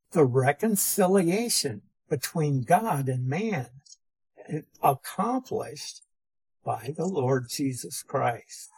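Slow, husky-voiced male Bible teacher. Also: fairly high pitch, darkish tone, rough recording. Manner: methodical, defines terms and repeats key phrases. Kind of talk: theology lecture.

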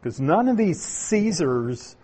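A man preaching a sermon, teaching through a Bible passage in a slow, deliberate way with emphatic stresses. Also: a little high, very animated, dark tone, breathy edge. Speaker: pastor.

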